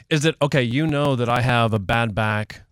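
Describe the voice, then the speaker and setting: Older man with a smooth, dry studio voice. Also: medium pitch, a little slow, no room sound. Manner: folksy, rambling, asks leading questions. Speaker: co-host of a recovery radio show. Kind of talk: casual recovery podcast chat. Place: radio studio.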